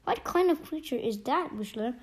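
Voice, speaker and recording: A woman's voice: high-pitched, lively intonation, normal speed, pitched above the performer's own voice. A woman voicing a curious, worried young boy who asks urgent questions in a storybook reading.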